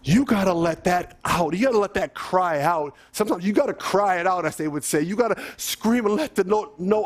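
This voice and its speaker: A man's voice: sits high, brisk, few pauses. A man preaching a sermon, reading scripture and earnestly exhorting his listeners.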